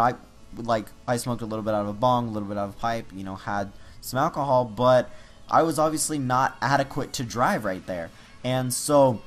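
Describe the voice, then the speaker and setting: Teen guy rambling through a story. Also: medium pitch. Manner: rambling, breathless retelling full of fillers. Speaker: YouTuber. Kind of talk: casual storytelling.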